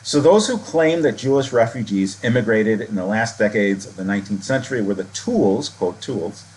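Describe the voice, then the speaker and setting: Opinionated man hosting a podcast, low voice. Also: expressive, normal speed, darkish tone. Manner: opinionated, explains at length with restarts. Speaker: podcast host. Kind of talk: commentary on a book.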